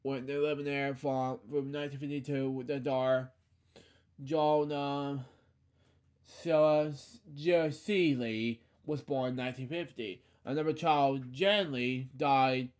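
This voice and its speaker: A young man hosting a podcast, reading a tribute aloud in a halting way with many fillers and restarts, out of breath. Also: mid-range voice, steady tone, a little mellow, clean tone. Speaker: podcast host.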